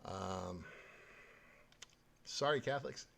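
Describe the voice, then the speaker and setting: A man's voice: low voice, takes it slowly, vocal fry, a bit bright, a little hiss or hum. A man hosting a podcast, ranting angrily about politics with constant swearing and scorn. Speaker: podcast host. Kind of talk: profane political rant.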